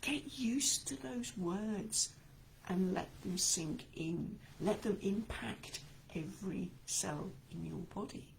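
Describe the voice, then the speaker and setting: A woman's voice: mid-range voice, slow, creaky, slight background noise, poor audio. A woman coaching speakers in a talk to camera, emphatic and encouraging, a little stuffy-nosed this morning.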